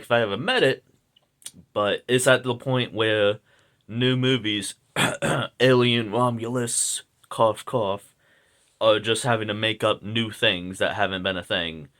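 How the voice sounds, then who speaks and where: Hoarse casual man rambling a review. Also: lowish voice, pushed and bright. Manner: rambling, filler-heavy, casual slang. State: hoarse, a little sick. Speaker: video reviewer. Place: indoors at home.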